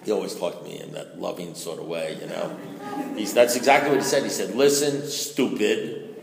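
A man sharing his story as a recovering alcoholic at a recovery meeting, in a conversational way full of "you know"s that rises to loud bursts. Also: low-pitched, lively intonation, fast, creaky, crowd noise. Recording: echoey hall reverb.

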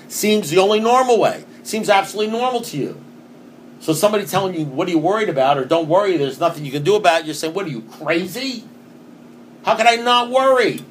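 At a recovery meeting, a man gives an earnest talk, reading passages from a book and repeating points for emphasis, now and then breaking into emphatic bursts. His voice is on the high side, with a little hiss or hum in the recording.

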